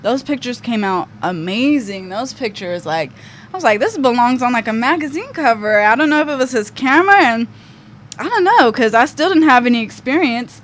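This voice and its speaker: A woman's voice: a little high, animated, normal speed, a bit bright. A young woman guest on a podcast, telling a story casually with lots of "like" and "um". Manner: chatty, full of fillers like "like" and "um". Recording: faint background noise.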